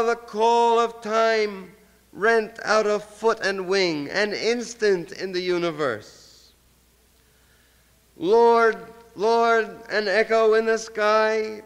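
Poet, male, high voice, slow incantatory chant, smooth clear tone. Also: a bit bright. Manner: incantatory, chanting long repeated lines. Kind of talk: poetry reading. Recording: long hall reverb.

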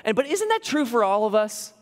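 A man with a fairly high voice gives a casual, joking sermon as a pastor. His words ring out with a long reverb, as if he is recorded in a large church hall. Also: very animated, brisk. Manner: conversational preaching with humorous asides.

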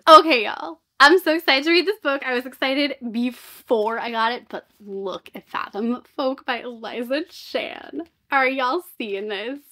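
A young woman vlogging a book box unboxing, reading blurbs aloud and reacting with excitable, gushing asides. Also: sits high, unhurried. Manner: excitable and gushing, with squealing outbursts and jokey asides. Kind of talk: casual unboxing chat mixed with read-aloud book blurbs.

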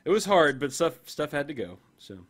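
A man's voice: very animated, a little fast. A man co-hosting a casual comics podcast, joking and often laughing. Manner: jokey, laughs often, goes loud and high when amused. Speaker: podcast co-host.

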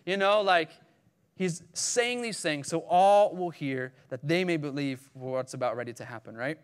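A man with a Caribbean accent preaching a casual, animated sermon, acting out the scripture scenes with sudden loud cries. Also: fairly high pitch, normal speed, smooth.

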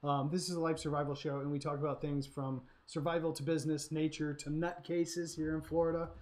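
A man's voice: on the high side, little pitch movement, brisk, a little mellow. A man hosting a casual live stream, telling a story and laughing as he acts out quotes.

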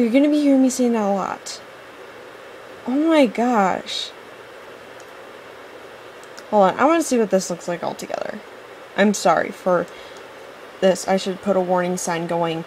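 Here the same kind of woman host talks at an unhurried pace in a medium-pitched, somewhat dark voice, with slight background noise. Her let's-play chatter is casual and wandering, full of apologetic asides and flashes of impatience at the game.

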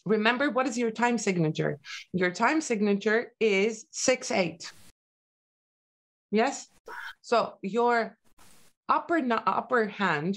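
A woman with a mid-range voice teaches an online piano masterclass, coaching patiently by asking questions and calling out dynamics while the student plays.

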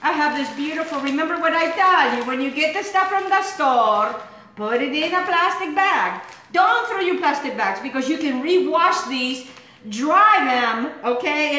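A woman's voice: high-pitched, pushed and bright, reverberant, rough recording. A woman hosting a home cooking show, talking in a chatty, rambling, enthusiastic way as she demonstrates a recipe. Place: home kitchen.

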